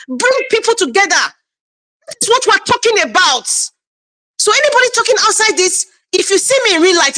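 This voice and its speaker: A Nigerian woman giving emotional, forceful political commentary, full of rhetorical questions and repetition. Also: very high-pitched, no room sound. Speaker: panel commentator.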